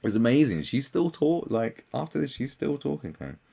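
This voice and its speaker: A young man ranting sarcastically as a commentary host, swearing often and mocking others in shrill put-on voices. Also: big pitch swings, fairly quick, vocal fry, warm tone.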